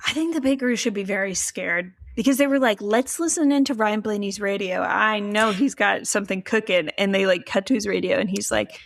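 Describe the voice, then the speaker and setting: A young woman co-hosting a comedic sports podcast, animated, laughing often and swearing casually. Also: medium pitch, a little fast, creaky, few pauses. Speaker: podcast co-host.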